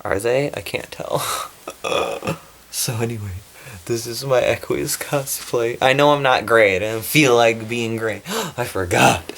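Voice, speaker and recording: A man vlogging about his cosplay from a corner of his small bedroom, excitable and giggly, with a slight lisp. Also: medium pitch, measured pace, creaky, a little hiss or hum. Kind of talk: casual vlog.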